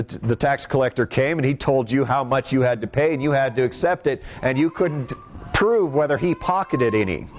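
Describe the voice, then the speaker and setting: A man's voice: mid-range voice, a little hiss or hum. A man preaching a sermon, reading scripture aloud and explaining it in a conversational way. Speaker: pastor.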